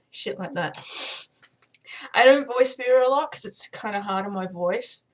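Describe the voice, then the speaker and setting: A woman's voice: mid-range voice, measured pace. Chatty, giggly young woman. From not American. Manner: chatty, self-deprecating, giggly. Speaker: gamer showing off voices. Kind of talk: casual chat to camera.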